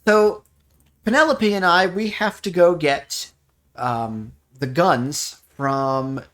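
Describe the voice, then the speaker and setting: A man's voice: on the high side, slow pace, a bit bright. A man casually explaining how a game works, rambling and correcting himself as he goes. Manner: rambling, self-correcting, playful. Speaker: player giving a game overview.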